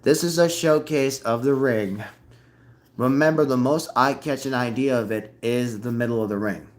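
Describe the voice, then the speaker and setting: A male video host talks in a loose, rambling way, circling back over the same words again and again. His voice sits at an ordinary middle pitch, and he speaks with bursts of excitement. It sounds like casual chat aimed at his viewers. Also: normal speed.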